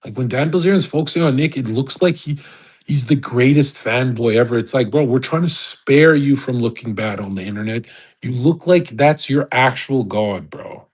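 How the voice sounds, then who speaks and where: A man's voice: mid-range voice, moderate pace, husky. A male livestreamer in a rambling, profane rant, laughing often between points. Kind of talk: casual ranting monologue.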